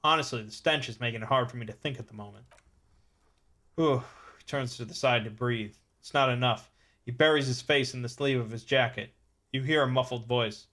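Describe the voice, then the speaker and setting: A man playing a video game and reading its dialogue and narration aloud in a dry, deadpan way. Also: medium pitch, fairly quick. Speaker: let's play narrator.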